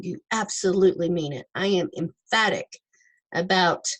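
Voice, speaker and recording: A woman teaching English at an unhurried pace, her pitch sitting in a middle range. She works through word forms one at a time and gives a plain example sentence for each. The delivery is deliberate and patient. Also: poor audio. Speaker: ESL teacher. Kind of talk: recorded online lesson.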